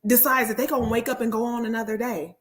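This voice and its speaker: A woman's voice: a little high, steady tone, quick pace. A woman hosting a motivational talk show, speaking earnestly and repeating key phrases for emphasis. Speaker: host; therapist and speaker.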